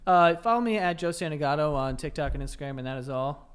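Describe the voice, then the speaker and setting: A young man hosting a podcast, sarcastic and animated, laughing often in casual banter. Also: on the high side, fast, clear, resonant tone. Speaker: podcast host.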